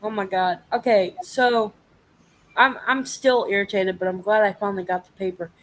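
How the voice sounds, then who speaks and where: A woman's voice: mid-range voice, moderate pace, low-quality recording. A young woman telling a story in a casual live chat, swearing freely and acting out the people she quotes. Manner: profane, animated storytelling.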